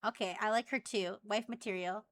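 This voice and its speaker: A woman's voice: medium pitch, fairly even intonation, fairly quick, fairly bright tone. A woman streamer teasing and chatting playfully with an AI voice on a live stream. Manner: playful, teasing, flirty questions.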